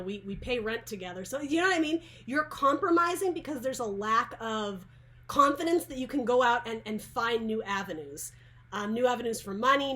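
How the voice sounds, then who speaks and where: A woman's voice: a little high, fairly bright tone. A woman giving a casual tarot reading to camera, chatty and rambling, often restarting her sentences. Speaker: tarot reader.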